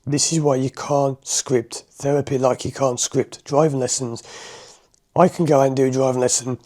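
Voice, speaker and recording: A man talks to the viewer about his therapy sessions, chatting loosely and laughing now and then. His voice is mellow and warm, sitting at an ordinary pitch for a man. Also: level tone, moderate pace. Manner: chatty, conversational, laughs often. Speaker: hypnotherapist and driving instructor. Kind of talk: explaining to viewers to camera. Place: a room in his home.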